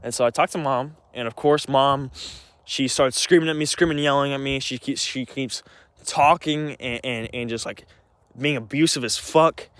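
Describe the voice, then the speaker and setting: A man's voice: medium pitch, steady tone, moderate pace, a bit bright, no room sound. A young man telling a long personal story in a rambling, agitated way, with many restarts and some swearing. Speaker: vlogger. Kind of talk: casual storytelling rant.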